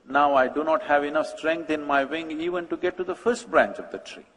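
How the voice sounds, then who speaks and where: A man's voice: fairly high pitch, fairly quick, fairly bright tone, natural voice. Old cock pheasant, as a male storyteller puts him on, nostalgic and lamenting, echo trailing in a big hall. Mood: wistful. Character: aging male pheasant, wistful and weak.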